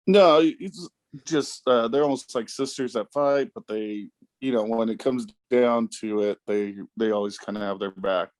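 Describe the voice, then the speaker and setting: A man's voice: mid-range voice, normal speed, no room sound. A man co-hosting a recap podcast, teasing his brother with provocative quips. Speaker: podcast co-host. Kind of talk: casual banter.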